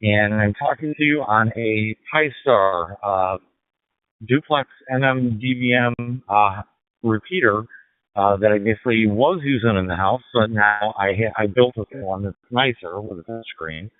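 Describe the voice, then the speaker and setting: A man's voice: lowish voice, measured pace, dry recording. A man, an amateur radio operator calling from his car, talking hesitantly with many fillers during a ham radio contact. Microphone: mobile radio handset. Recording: lo-fi digital radio link.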